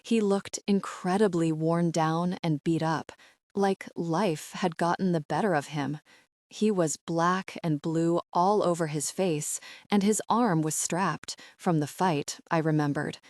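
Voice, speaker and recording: A woman narrating an audiobook in a slow, sorrowful, measured reading. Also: lowish voice, darkish tone, no echo, studio quality.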